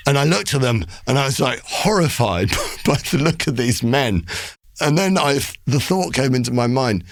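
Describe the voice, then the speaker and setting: A middle-aged male poet, a guest in a studio interview, telling an animated, theatrical story with many restarts and voices acted out. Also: mid-range voice, creaky. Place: recording studio.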